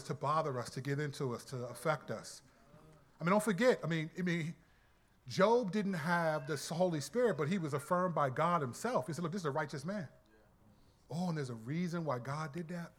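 A man teaching about the Bible in an animated, colloquial sermon style, often restarting sentences as he gets excited. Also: a little high.

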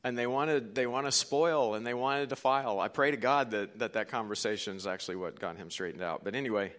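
A middle-aged man preaching a sermon as pastor, telling stories and swinging from hushed to forceful. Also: mid-range voice. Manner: storytelling, quoting others, swings from hushed to forceful.

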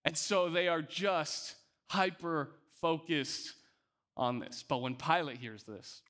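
Bright-voiced emphatic male preacher. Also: fairly high pitch, slow. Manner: emphatic, repeats words as he restarts. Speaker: pastor. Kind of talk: sermon.

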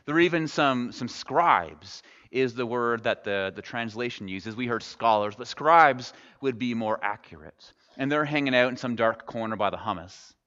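A man's voice: mid-range voice, expressive, normal speed, hardly any pauses, bright, forceful tone. A man preaching a sermon as a pastor, retelling a story conversationally with wry humorous asides. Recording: echoey hall, dull lo-fi sound.

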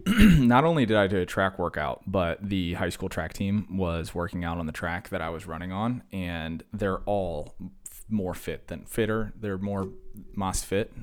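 A man's voice: deep voice, measured pace. A man in his thirties hosting a casual solo podcast, rambling and self-mocking, slightly wheezy after a workout. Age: 30s. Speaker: podcast host.

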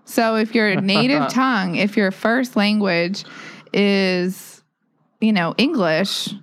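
A woman's voice: medium pitch, takes it slowly, dry recording. A blunt, swearing woman, dry close sound. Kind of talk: casual chat.

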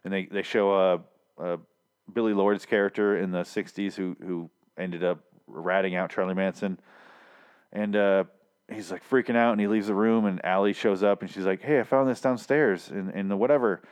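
A man's voice: low-pitched, flat delivery, moderate pace, clean tone. A young man casually recapping a TV episode, swearing freely and acting out the characters' lines. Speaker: TV recap vlogger.

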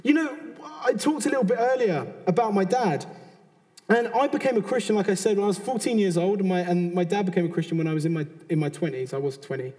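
Earnest British preacher in a big hall. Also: male voice, high voice, fast, darkish tone. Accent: British English. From Britain. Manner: earnest, conversational, with frequent restarts and asides. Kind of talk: sermon. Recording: long hall reverb.

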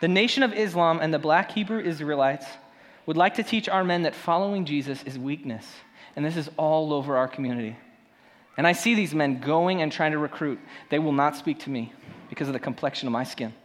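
A male pastor preaching a sermon in a conversational way, swinging between loud emphasis and hushed moments. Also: on the high side, brisk, in a large hall.

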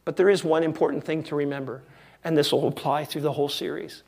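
A male pastor preaching a sermon in a wry, conversational way with emphatic pauses. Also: fairly high pitch, steady tone, vocal fry, a little mellow.

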